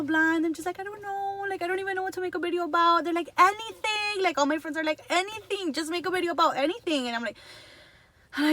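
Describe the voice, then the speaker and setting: Bright-voiced, gushing young vlogger woman. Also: high voice, dry recording. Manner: rambling and gushing, heavy use of "like", drops in Spanish words. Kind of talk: casual chat to camera.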